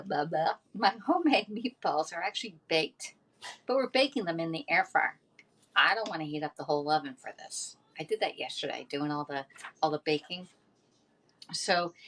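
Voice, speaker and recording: A woman's voice: low voice, a bit bright. Chatty woman hosting a cooking demo. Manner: chatty, rambling, laughs at herself. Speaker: home cooking host. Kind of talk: casual cooking demo chat.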